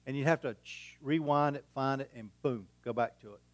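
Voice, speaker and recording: A man's voice: medium pitch, fairly quick, no room sound. A middle-aged man preaching a sermon as a pastor, in a folksy, conversational way with homespun humour and rhetorical questions.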